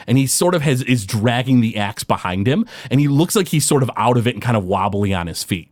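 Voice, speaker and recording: A man runs a tabletop game, narrating in a loose, rambling way full of filler words. His pitch swings lively up and down, and the recording is dry and close. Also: fairly quick, dry recording. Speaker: game master.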